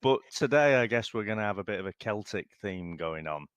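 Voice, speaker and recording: A man co-hosting a podcast, chatting casually with a lively manner and easy laughs. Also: lowish voice, brisk, clean tone, no echo. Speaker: podcast co-host.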